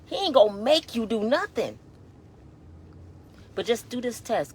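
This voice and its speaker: A woman in her fifties giving a casual, preachy motivational talk, exhorting listeners as y'all, swinging between loud urging and hushed tones, holding back tears. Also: on the high side, sing-song, a little slow, long pauses, slight background noise. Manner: colloquial, addresses listeners as y'all. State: near tears. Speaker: inspirational vlogger.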